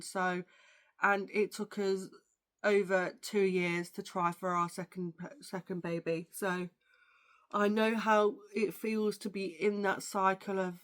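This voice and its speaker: A young woman, talking casually as a book vlogger. She is chatty and gushing, with lots of fillers, and sounds tired, yawning now and then. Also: medium pitch. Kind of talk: casual chat about books.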